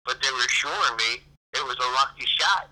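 Angry guy rambling on the phone, bright sharp voice, repeats himself a lot. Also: mid-range voice, a little fast, rough recording. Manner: rambling, repetitive, heated, quoting others. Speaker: guest, father of a fallen soldier. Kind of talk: emotional interview storytelling.

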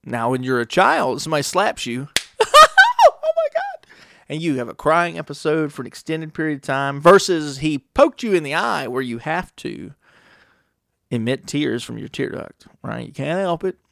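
A man's voice: on the high side, expressive, moderate pace, creaky, fairly bright tone, dry recording, clean studio sound. A man talking casually in a rambling, profane monologue, full of rhetorical questions.

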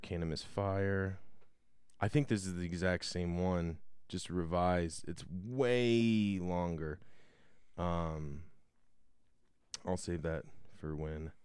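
Low smooth-voiced man plugging a friend. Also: dry recording, clean studio sound. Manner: relaxed, filler-heavy, spells out names. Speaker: podcast co-host. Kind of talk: casual chat.

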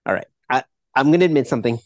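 A man's voice: medium pitch, racing, dry recording. A man from Latin America co-hosting a podcast over a video call, chatting casually and telling joking stories. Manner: joking, playful storyteller. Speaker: podcast co-host. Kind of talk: casual chat.

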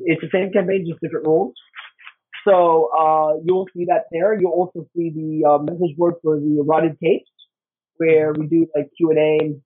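A middle-aged man, a game designer guest, telling stories in casual chat and acting out the voices in them. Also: a little high. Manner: animated, acts out voices in anecdotes. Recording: husky voice over tinny phone line, dry.

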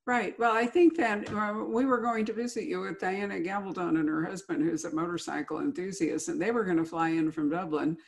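Creaky-voiced woman interviewer, chatty. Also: lowish voice, steady tone, fairly quick, few pauses. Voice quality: chatty, enthusiastic. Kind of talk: casual interview.

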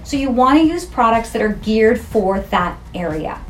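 A woman's voice: a little high, lively intonation, moderate pace, slight background noise. A middle-aged woman esthetician, talking frankly and jokingly in a casual interview. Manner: frank, jokey and chatty.

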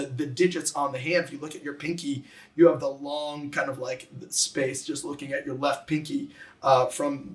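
Enthusiastic teacher with a rhythmic delivery. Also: male voice, a little high, roomy sound, far from the mic. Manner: enthusiastic, rhythmic, taps out meter by voice. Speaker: high school English teacher. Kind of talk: conversational explanation, reading a poem aloud.

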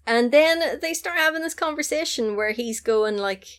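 A woman's voice: high voice, moderate pace. A woman in a casual chat, animatedly retelling a film, acting out the characters' lines and laughing often. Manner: animated, acts out characters' lines in varied voices.

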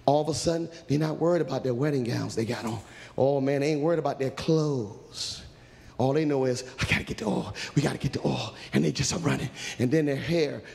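A man preaching a humorous storytelling sermon in a church, often shouting. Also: on the high side, gravelly. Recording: echoey church hall.

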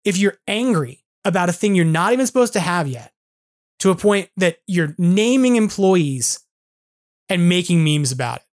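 A man's voice: high-pitched, lively intonation, moderate pace. A man in his forties hosting a podcast, delivering an earnest, frustrated solo monologue full of casual fillers. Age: 40s. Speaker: podcast host.

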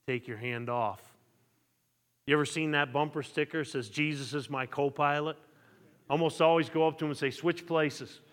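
A man's voice: on the high side, fairly even intonation, moderate pace. A male pastor preaching a sermon, asking the congregation questions and repeating his words. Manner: preaching with rising fervor and call-and-response questions; repeats words, stammering restarts. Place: church sanctuary. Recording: long church reverb.

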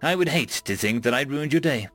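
A man voicing an earnest, gentle young woman student who speaks politely and reassuringly in a storybook reading. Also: medium pitch, animated, a little fast, no room sound, faint music behind.

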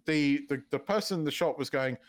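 A man co-hosting a podcast in casual chat, talking in an animated, sweary way and laughing often. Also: a little high, a little fast. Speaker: podcast co-host.

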